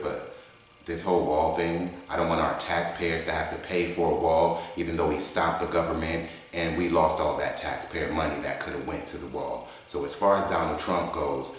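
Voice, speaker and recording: Quiet, mild male debater, very low and soft, measured and hesitant, echoey garage, put on by a man.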